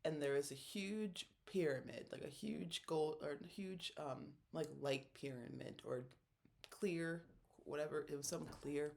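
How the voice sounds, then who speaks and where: A video creator in a casual, reflective monologue, speaking at an ordinary middle pitch with a lot of vocal fry. The talk rambles and restarts, and it stays earnest and openly emotional. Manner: rambling, with many fillers and self-corrections.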